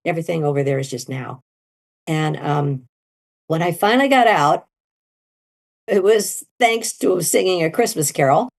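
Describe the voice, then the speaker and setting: Lively storytelling woman, low voice. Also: moderate pace, creaky, pauses often. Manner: animated, jumps into high quoted voices. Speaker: guest, near-death experiencer. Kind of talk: storytelling interview.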